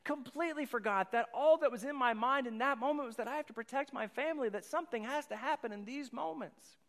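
A man's voice: extremely high pitch, quick pace, a bit bright. A man in his thirties, a pastor giving a sermon with a rambling personal story, often repeating his words. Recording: long hall reverb.

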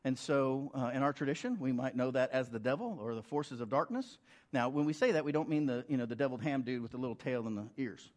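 A man's voice: medium pitch, fast talker, darkish tone. Middle-aged male pastor, casual preaching voice, checks in with the congregation. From United States. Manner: conversational, rhetorical questions to the congregation. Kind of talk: sermon.

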